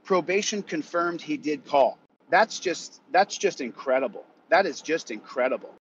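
A man's voice: fairly high pitch, lively intonation, moderate pace, dull audio, a little hiss or hum. A young man in a heated, profane rant to his vlog audience, repeating himself as he vents. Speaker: vlogger. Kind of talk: angry rant to camera.

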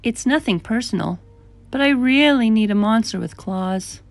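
A woman's voice: on the high side, lively intonation, moderate pace, no echo, faint music behind. A woman voicing a fussy, earnest young boy talking to monsters at bedtime.

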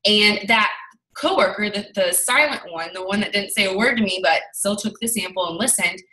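Chatty bright-voiced young woman. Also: medium pitch, moderate pace, far from the mic, poor audio. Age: young adult. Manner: chatty, candid, acts out dialogue. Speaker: network marketing team leader. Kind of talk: motivational talk with storytelling.

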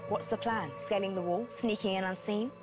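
A young woman playing a competitive, sharp-tongued fighter in a live-action TV drama, with a dry, teasing delivery. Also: mid-range voice, steady tone, normal speed, close to an everyday voice. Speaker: fighter in a teen sci-fi series. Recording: TV soundtrack with loud music underneath.

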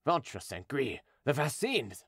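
A man's voice: medium pitch, big pitch swings, takes it slowly, fairly bright tone, slightly rough, no echo, clean studio sound, full character voice. A man voicing a brave king who trembles yet charges into battle, crying out commands and oaths. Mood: commanding. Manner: cries out commands, swears oaths. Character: king Henry of Navarre, brave but trembling.

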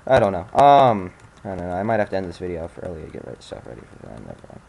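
An irritated young man talks over his gameplay in a fairly low voice. He grumbles, sighs, and swears at the game, sounding fed up throughout. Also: wildly swooping pitch, very fast, gravelly, a little mellow, a little hiss or hum. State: angry, frustrated. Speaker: let's play commentator. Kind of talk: casual gameplay commentary.

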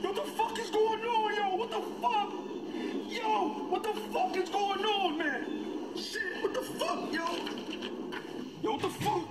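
A man's voice: very high voice, unhurried. A man playing a skeptical young friend who talks in slang, full of "yo" and "man", in an amateur short film. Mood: panicked. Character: young man's skeptical street-talking friend. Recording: echoey, noisy amateur audio.

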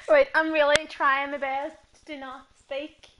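A woman streaming a horror game live, hoarse and laughing often as she chats to viewers and a friend. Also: high voice, huge pitch swings, takes it slowly, background noise. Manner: giggly, chatty, talks to viewers. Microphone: earpiece headset.

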